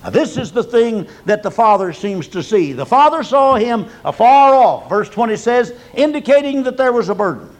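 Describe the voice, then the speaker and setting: An older man from Oklahoma, preaching a sermon in a folksy storytelling way, rising to loud emphatic peaks and dropping to quiet low lines. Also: very animated, normal speed, few pauses, rough recording.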